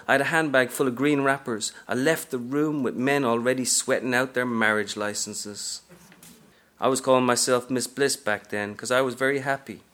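A man's voice: mid-range voice, a bit bright, natural voice. Aging female hustler, wisecracking, streetwise, brash, read by a man. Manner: sassy, streetwise first-person storytelling. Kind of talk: reading a novel aloud to an audience.

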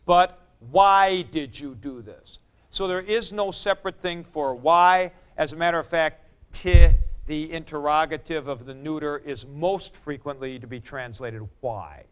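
A man teaching a Greek grammar class in a classroom, explaining slowly and calling on students by name. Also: a little high, clean tone. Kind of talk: classroom lecture.

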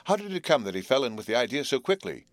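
A man's voice: medium pitch, sing-song, quick pace, no room sound, pitched above the performer's own voice, lightly acted. Cheerful, gushing teenage boy in a storybook, voiced by a man. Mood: enthusiastic. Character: enthusiastic, good-hearted teenage boy.

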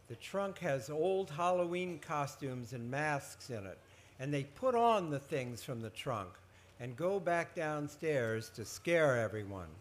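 A man, a children's author, reading his own horror story aloud at a book festival, expressive and building suspense. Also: a little high.

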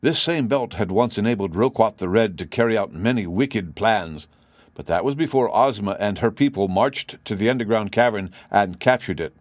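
A man narrating a classic children's fantasy book in a steady, even reading voice. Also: lowish voice, moderate pace, no echo. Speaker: audiobook narrator. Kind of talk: scripted storybook narration.

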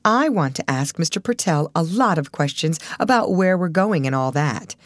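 A woman voicing an eager, excitable young actress who speaks with bubbling enthusiasm. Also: low-pitched, moderate pace, dry recording.

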